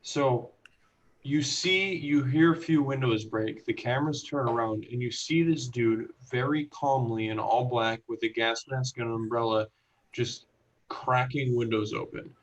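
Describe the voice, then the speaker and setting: A man's voice: mid-range voice, unhurried. A man in casual chat with friends, retelling a video with acted-out quotes and plenty of swearing. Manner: animated storytelling, acts out quotes, swears freely. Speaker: podcast co-host. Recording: muffled lo-fi audio.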